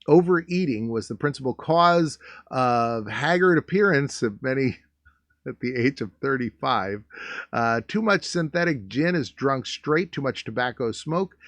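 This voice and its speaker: Animated man reading old newspapers. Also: medium pitch, no room sound. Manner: jokey, puts on silly voices for the people in the clippings. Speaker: podcast host.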